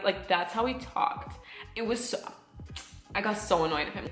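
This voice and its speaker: A woman's voice: fairly high pitch, normal speed, fairly bright tone, echoey room, soft background music. A woman in her twenties telling a casual storytime, chatty, with many fillers and some swearing. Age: 20s. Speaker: vlogger.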